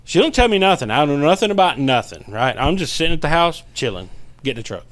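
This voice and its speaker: A middle-aged man telling a story in a casual podcast chat, animated and profane, acting out the voices of the people in it. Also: on the high side, quick pace. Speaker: podcast guest, paranormal investigator.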